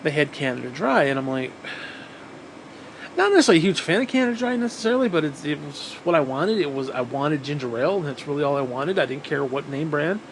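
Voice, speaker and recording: A man telling a story casually, animated, swearing often and repeating phrases for emphasis, sounding tired. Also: fairly high pitch, fast talker, a little hiss or hum, low-quality recording. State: physically exhausted.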